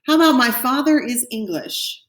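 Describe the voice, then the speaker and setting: A woman French teacher giving a recorded class lesson, slowly modelling pronunciations for her students. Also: high-pitched, lively intonation, recorded from a distance. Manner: slow, careful model pronunciations. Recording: echoey room, voice a bit off-mic.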